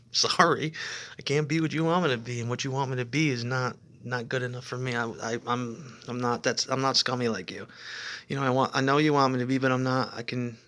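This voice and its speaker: A man on a profane, defiant rant at unseen people, mocking them and laughing between lines, swinging from loud outbursts to muttered whispers. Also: mid-range voice. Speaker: drummer.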